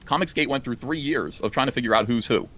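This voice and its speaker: A man's voice: mid-range voice, fast talker, a bit bright. A man reacting to clips on a live stream, exasperated and ranting, his voice climbing when indignant. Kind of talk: heated live stream commentary.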